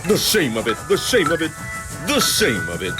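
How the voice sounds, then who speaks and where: A man's voice: on the high side, huge pitch swings, normal speed, over music, pitched above the performer's own voice. A man voicing a big, proud, grumpy male steam engine in a toy-train storybook, grumbling and sulky.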